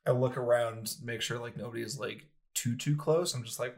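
A man playing a tabletop game, animated and exclaiming as he banters. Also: medium pitch, normal speed, few pauses. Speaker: player.

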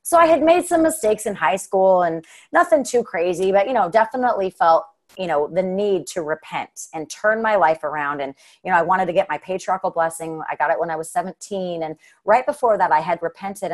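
A woman's voice: on the low side, animated, brisk, hardly any pauses. A woman from Southern Utah telling a heartfelt personal story in a casual, earnest way, with lots of fillers and "right?" tags. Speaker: guest.

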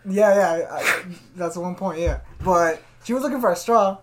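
A man's voice: high-pitched, normal speed, background noise. A man hosting a casual podcast, telling stories in a laid-back, slangy way. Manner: slangy, laid-back, keeps saying "fool". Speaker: podcast host. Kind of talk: casual chat, storytelling.

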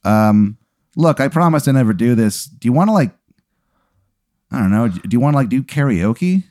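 A man's voice: mid-range voice, animated, darkish tone, no echo, clean studio sound, lightly acted. Man doing a shy, stammering young waitress. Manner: halting, full of ums and likes.

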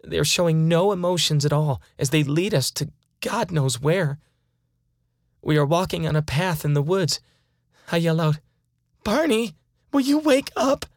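A woman's voice: low-pitched, normal speed, a little mellow, no room sound, studio quality. A woman playing a frightened, defiant abductee. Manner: fearful pleading turning to angry defiance. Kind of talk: dramatized first-person account.

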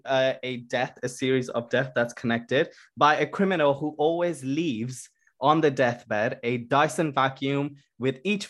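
A man hosting a podcast, asking quick questions and setting up improv games with short, brisk acknowledgements. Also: medium pitch, fairly bright tone. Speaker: podcast host. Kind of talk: casual interview.

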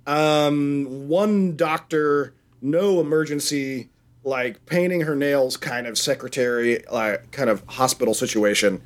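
A man in his thirties co-hosting a casual podcast chat, retelling a film in a rambling, profane, animated way. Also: mid-range voice, slow pace. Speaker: podcast co-host.

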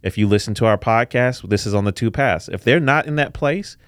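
A man's voice: medium pitch, a little fast, fairly bright tone, clean tone, no room sound, clean studio sound. A man co-hosting a therapy podcast, sharing a session story in a candid, reflective way. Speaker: podcast co-host, couples therapist. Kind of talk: casual podcast talk.

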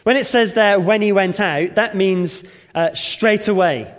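High-voiced preacher in a reverberant hall. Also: male voice, unhurried. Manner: expository, emphatic, rhetorical questions. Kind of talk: sermon.

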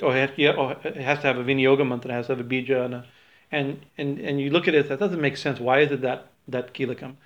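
A man teaching a small group in an informal spiritual talk, halting with many fillers and restarts. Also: medium pitch, fairly bright tone, dull audio.

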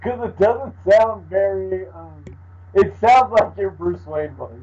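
A man with a husky, slightly raised voice trades jokes in loose podcast chat. The audio is dull and lo-fi. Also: sits high, lively intonation, a little mellow. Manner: wry, joking, quick to riff. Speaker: podcast co-host. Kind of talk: casual chat.

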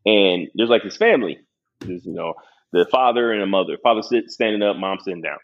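A man's voice: low voice, fairly quick, lo-fi sound. A young man telling a story in casual, profane chat, laughing often.

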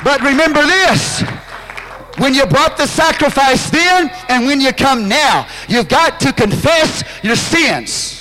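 A pastor preaching a sermon, impassioned, drawing out phrases and breaking into shouts. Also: male voice, very high-pitched, expressive, slow pace, a faint crowd, rough recording.

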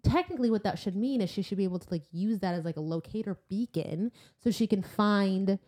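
A woman's voice: mid-range voice, expressive, fairly quick, dark tone. A woman co-hosting a podcast, chatting casually as she retells a book's plot, with plenty of "like" and "um". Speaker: podcast co-host. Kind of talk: casual book-club chat.

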